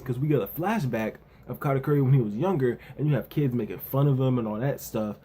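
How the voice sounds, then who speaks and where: A man talking through a review in a relaxed, rambling way, full of fillers and restarts. His voice is husky and mellow, sitting at an ordinary middle pitch. Now and then he lifts his voice to play out lines from the story. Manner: relaxed, repetitive, with frequent verbal fillers; acts out characters' lines in a lightly raised voice. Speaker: anime and manga reviewer. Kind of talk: casual spoken recap.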